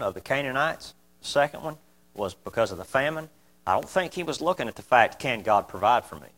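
A man preaching a sermon, impassioned and folksy, repeating key phrases and swinging from loud emphasis to quiet asides. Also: fairly low pitch.

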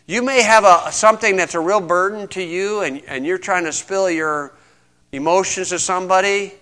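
A man's voice: sits high, normal speed, sharp tone. A man preaching a sermon to a congregation in a conversational way, asking his listeners questions as he reads verses. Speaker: pastor.

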